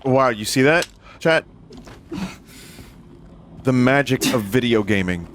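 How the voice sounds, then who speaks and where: A man's voice: mid-range voice, animated, slow pace, fairly bright tone, a little hiss or hum. A man in his thirties giving casual, dry-humored commentary while playing a video game and talking to his chat. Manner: dry, joking, talks to chat. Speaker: streamer.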